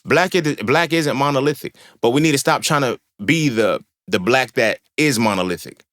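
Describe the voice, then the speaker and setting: A man's voice: medium pitch, moderate pace, a bit bright. A young man hosting a podcast, talking in a casual monologue, slangy, profane and emphatic as he tells stories. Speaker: podcast host.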